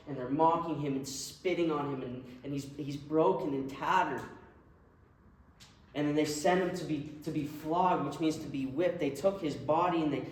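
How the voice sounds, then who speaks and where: A man's voice: fairly high pitch, darkish tone. A man preaching a sermon, retelling a story earnestly and vividly. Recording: very echoey room, mic far off.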